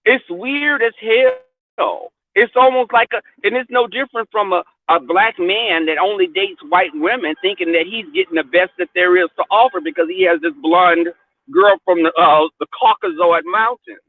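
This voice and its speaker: A man chatting candidly as a podcast host, blunt and profane, telling lively stories. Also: high-pitched, moderate pace. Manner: blunt, profane, animated storyteller. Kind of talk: candid casual chat. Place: car. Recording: dry tinny phone-like sound.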